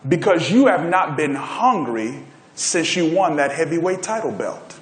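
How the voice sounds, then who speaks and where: A man's voice: on the high side, expressive, a little slow, roomy sound. A man putting on an older boxing trainer who bluntly warns his fighter, in a keynote speech. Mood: warning.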